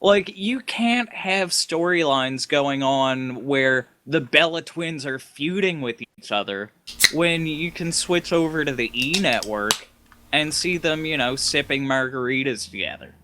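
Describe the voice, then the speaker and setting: A man's voice: a little high, unhurried. A man co-hosting a casual podcast, hesitant with many fillers. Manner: hesitant, lots of fillers, animated. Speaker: podcast co-host. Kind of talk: casual chat.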